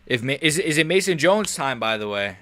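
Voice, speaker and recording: A man's voice: fairly high pitch, very animated, fairly quick, a bit bright. Man rambling through live fight reactions. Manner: rambling, joking, slangy. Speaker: live stream host.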